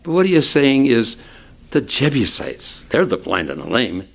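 At a moderate pace and in a gravelly voice, a male pastor delivers an expository sermon. His tone is conversational, with friendly asides as he explains scripture, and he stays animated, sweeping his pitch to stress points.

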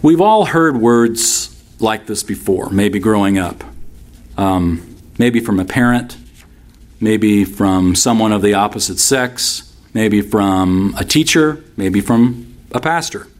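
A man with a fairly low voice preaching from the pulpit. He reads scripture and then unpacks it in an easy, conversational way. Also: slow pace. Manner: expository preaching, conversational asides. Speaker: pastor. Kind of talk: sermon.

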